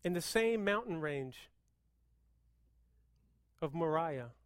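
A man preaching a sermon as pastor, moving between hushed, intense passages and loud, fervent appeals. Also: a little high, expressive, takes it slowly, smooth, dry recording, studio quality.

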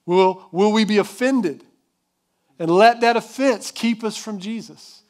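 A man's voice: high-pitched, measured pace. A man preaching a sermon as pastor, emphatic, putting questions to the congregation.

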